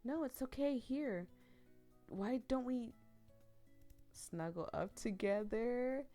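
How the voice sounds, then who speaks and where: A woman reading the lines of a bashful young woman in a romance game, a little higher than her usual talk. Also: sing-song, fast talker, dark tone, soft background music, lightly acted. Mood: shy. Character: young woman, shy flustered girlfriend. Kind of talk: reading game dialogue aloud.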